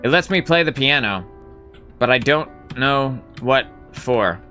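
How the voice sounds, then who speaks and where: Bright, chatty man streaming a game. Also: medium pitch, animated, measured pace, faint music behind. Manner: rambling, swears casually, thinks aloud. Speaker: streamer playing a game live. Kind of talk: casual gameplay commentary.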